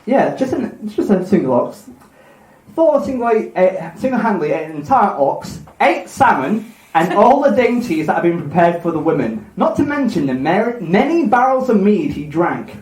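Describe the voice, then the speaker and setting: A man's voice: high-pitched, sing-song, normal speed, darkish tone. Rambling self-mocking male podcast host. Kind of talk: live podcast retelling of a myth. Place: live event room with audience. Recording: echoey live room, faint noise.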